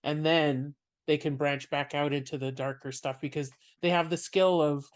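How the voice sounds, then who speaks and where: Chatty podcast host swapping stories, laughs a lot, middle pitch. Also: steady tone, moderate pace. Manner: chatty, storytelling, laughs often. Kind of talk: casual chat.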